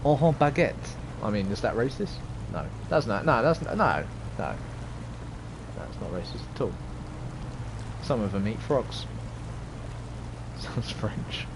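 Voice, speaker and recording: A man's voice: lowish voice, sing-song, takes it slowly, long pauses, background noise. A young man casually commenting on a driving game as he streams live, rambling and hesitant, chatting with viewers. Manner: rambling, hesitant, chatty, reads chat aloud. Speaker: gaming streamer.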